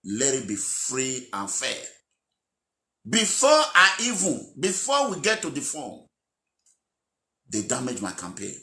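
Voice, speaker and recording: An emphatic man airs his grievances as a politician. His pitch swings in a lively way and his voice is bright and forceful. The room is echoey. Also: a little slow. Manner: aggrieved, emphatic. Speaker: aggrieved politician. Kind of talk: recorded speech.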